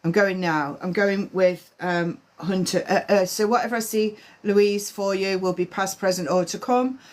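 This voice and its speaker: With a medium pitch and steady tone, a woman medium offers live-stream spiritual readings, her speech halting and packed with fillers and restarts.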